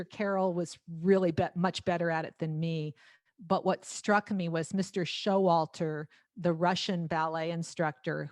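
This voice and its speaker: A woman's voice: on the low side, dry recording, studio quality. Chatty woman singer telling stories. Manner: chatty, lively storytelling with frequent laughs and restarts. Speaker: singer-songwriter. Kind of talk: casual talk at an album launch.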